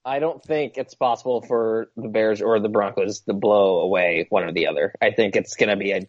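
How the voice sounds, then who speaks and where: Panelist, male, middle pitch, a little muffled and dry, earnest casual chatter. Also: brisk, no room sound. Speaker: podcast panelist. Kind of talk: casual sports podcast banter.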